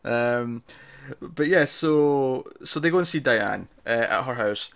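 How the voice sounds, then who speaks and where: A man's voice: mid-range voice, animated, takes it slowly, vocal fry, a bit bright. A man co-hosting a casual TV review discussion, chatty, with many fillers and restarts. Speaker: podcast co-host.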